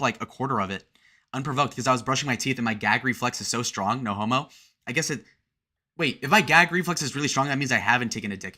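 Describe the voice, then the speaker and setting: A man hosting a livestream, reading chat messages aloud and joking crudely, with sudden loud shout-outs. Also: medium pitch. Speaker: livestream host.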